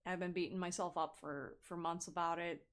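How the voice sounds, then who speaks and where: A woman voicing a sheepish man pleading over the phone for his ex to take him back, in a soft, low, apologetic murmur. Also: steady tone, moderate pace, close to an everyday voice.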